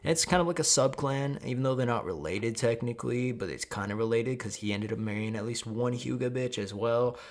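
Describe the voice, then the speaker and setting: A man's voice: mid-range voice, fairly quick, few pauses. A man casually improvising a profane, joking fan story in a rambling way.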